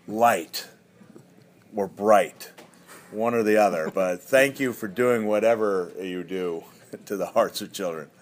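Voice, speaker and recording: A man's voice: lowish voice, takes it slowly. Rambling middle-aged man telling a story. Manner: rambling, many fillers and restarts. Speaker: guest storyteller. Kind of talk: casual spoken anecdote.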